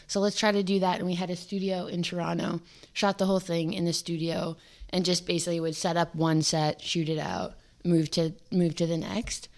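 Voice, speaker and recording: A young woman, a filmmaker and lead actor, talking casually in an interview, animated and full of "like". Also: lowish voice, brisk, gravelly. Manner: animated, chatty, peppered with "like".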